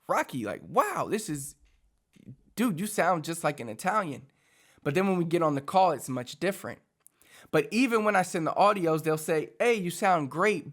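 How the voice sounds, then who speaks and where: A man from Puerto Rico talks through speaking tips like a chatty coach, voice sitting a touch high. He keeps it loose and animated, leaning on fillers as he explains. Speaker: language coach. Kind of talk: casual teaching monologue.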